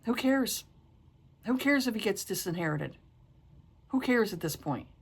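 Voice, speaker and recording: A woman's voice: mid-range voice, lively intonation, measured pace, husky. Frank, exasperated woman ranting about a book. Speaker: book reviewer. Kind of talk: casual book review chat.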